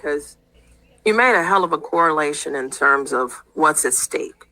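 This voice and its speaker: A woman's voice: deep voice, expressive, moderate pace, bright, forceful tone, rough recording. A woman interviewing a guest on the radio, building her points with emphatic rhetorical questions.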